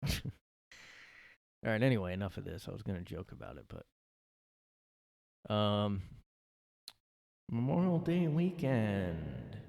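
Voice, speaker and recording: A man's voice: on the low side, lively intonation, slow pace, gravelly, long pauses, darkish tone, no echo, clean studio sound. A young man hosting a casual solo podcast from his room, rambling sarcastically and swearing often. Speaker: podcast host.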